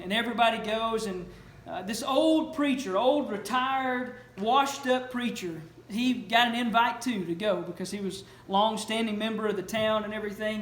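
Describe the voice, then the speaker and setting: A man with a high, slightly bright voice preaches a sermon in a church sanctuary, earnest and questioning as he tells his story. The room echoes, and there's a faint hum of noise.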